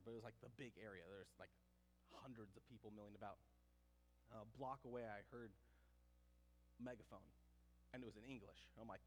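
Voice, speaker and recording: A man's voice: mid-range voice, big-room sound. A man preaching a sermon in a conversational way, with asides and quoted exchanges.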